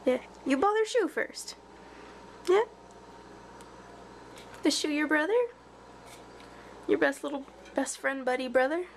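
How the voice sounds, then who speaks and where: A woman's voice: high-pitched, animated, a little slow, creaky, long pauses, slight background noise. A woman at home chatting to her cats and dog in a sing-song baby-talk voice, repeating little greetings over and over. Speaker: cat owner filming her pets. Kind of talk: casual pet vlog. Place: at home indoors.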